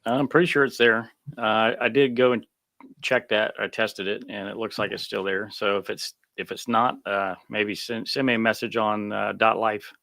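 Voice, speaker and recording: Gravelly laid-back man co-hosting. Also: fairly low pitch, level tone, normal speed, bright, forceful tone, no echo. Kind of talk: casual live Q&A chat.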